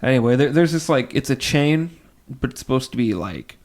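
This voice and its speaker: A man's voice: mid-range voice, expressive, moderate pace, a little mellow. A young man from the western United States co-hosting a podcast, talking casually with an easygoing, hesitant manner and frequent laughs. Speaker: podcast co-host. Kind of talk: casual chat.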